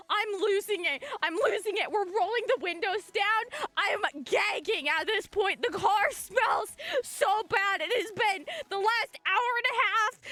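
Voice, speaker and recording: Very high, bright-voiced excitable woman streamer. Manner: excitable, shrieks and laughs while telling a story. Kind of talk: animated storytelling to stream chat.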